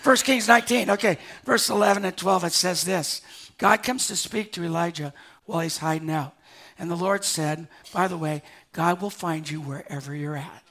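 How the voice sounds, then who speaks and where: An older man, a pastor delivering a sermon to a live congregation, moving between quiet, slowed passages and loud, urgent appeals. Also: high-pitched. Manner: swings from hushed to loud and urgent.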